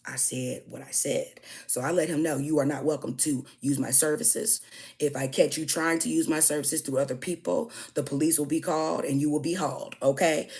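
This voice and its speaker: A woman's voice: low-pitched, steady tone, moderate pace, darkish tone. A young woman telling a heated storytime rant about a customer. She swears freely and keeps punching lines with "okay?". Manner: emphatic, profane, keeps tagging "okay?". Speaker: food business owner.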